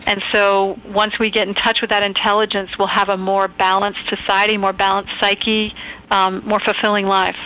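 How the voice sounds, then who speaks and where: Bright, even-toned woman author on a call. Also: medium pitch, a little hiss or hum, low-quality recording. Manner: thoughtful, measured, earnest. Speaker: author and phone-in guest. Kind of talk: radio interview. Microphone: phone call.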